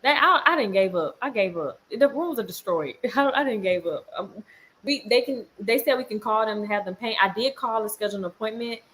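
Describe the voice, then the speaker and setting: Young woman, mom vlogger, casual livestream chat, animated, frequent laughter. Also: fairly high pitch, brisk, slight background noise. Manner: animated, laughs often, breaks off to scold her toddlers.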